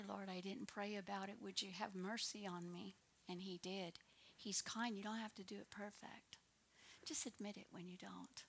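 A woman in her sixties giving an earnest personal testimony as a minister, often dropping into a soft, breathy near-whisper. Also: mid-range voice.

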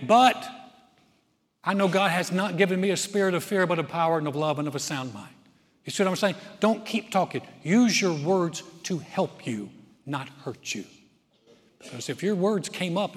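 A man preaching a sermon as pastor, earnest, repeating his phrases and swinging between loud and soft. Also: a little high, expressive, moderate pace. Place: church auditorium. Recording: long reverb of a large auditorium, faint music.

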